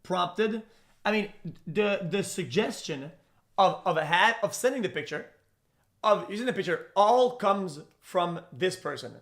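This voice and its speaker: A young man with a high, bright-sounding voice is giving live stream reaction commentary. He rambles, swears freely, and trips over his words with constant restarts. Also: expressive, a little slow. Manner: rambling, profane, stammers and restarts.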